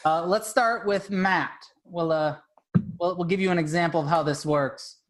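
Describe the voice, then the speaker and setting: A man's voice: fairly high pitch, normal speed. A man hosting a casual video call chat, asking silly questions in a playful, mock-formal way. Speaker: host.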